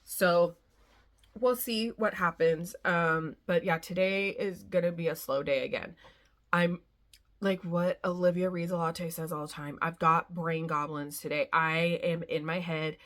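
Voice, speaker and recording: A woman's voice: lowish voice, fairly even intonation, unhurried. A young woman vlogging to the camera, rambling frankly about her day in a slightly weary, casual way. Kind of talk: casual chat.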